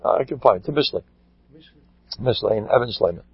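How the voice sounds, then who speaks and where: A man, a rabbi, giving a lively storytelling Torah talk, acting out quotes and sprinkling in Yiddish and Hebrew words. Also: lowish voice, a little fast, husky, dry recording. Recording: dull lo-fi recording.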